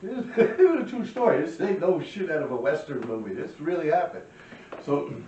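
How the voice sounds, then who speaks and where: A middle-aged man tells a street story in a casual, profane, animated way, often clearing his throat. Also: a little high, a little fast, a little hiss or hum. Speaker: graffiti writer telling a story. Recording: roomy, distant, dull lo-fi mic.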